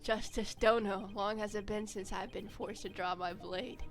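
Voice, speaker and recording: A woman voicing a menacing sword-wielding male prosecutor, reading the game dialogue aloud in a slow, grave, theatrical way. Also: medium pitch, steady tone, soft background music, close to an everyday voice.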